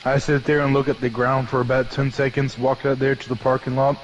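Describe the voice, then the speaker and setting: A man's voice: mid-range voice, flat delivery, a little fast, dull audio, slight background noise. A young man in casual chat, telling stories about an old job and acting out the voices of coworkers. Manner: storytelling, acts out voices of coworkers.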